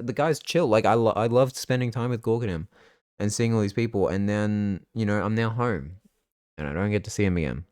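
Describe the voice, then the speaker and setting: A man's voice: fairly low pitch, clear, resonant tone, no echo, studio quality. A young man, chatting casually and rambling through a vlog recap of his trip. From Australia. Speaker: vlogger.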